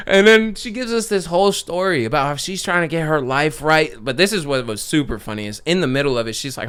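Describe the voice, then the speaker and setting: A man's voice: a little high, a little fast, clean tone. A man hosting a podcast, telling a story in casual chat, laughing and acting out the people in it. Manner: animated, laughing storyteller who acts out the people in his stories. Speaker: podcast host.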